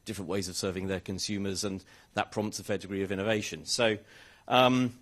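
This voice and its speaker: A man, a rail regulator's chief executive, answering questions on a conference panel in a halting way, with frequent restarts and hedges. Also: lowish voice, steady tone, fairly bright tone. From United Kingdom. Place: conference hall.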